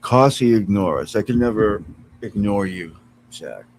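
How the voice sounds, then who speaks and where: A man's voice: fairly low pitch, expressive, a little slow, darkish tone, a little hiss or hum, low-quality recording. A man streaming casually from home, chatting with viewers, laughing often and cooing at his cat, sitting some way from his computer mic. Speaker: live streamer. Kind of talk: casual live-stream chat. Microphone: computer mic some distance away.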